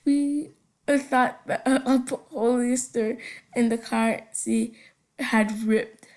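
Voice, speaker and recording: A woman's voice: on the high side, fairly even intonation, a little mellow. A young woman casually reading funny stories aloud, stumbling over words and breaking off with giggly asides. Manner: halting read-aloud with slips and giggly asides.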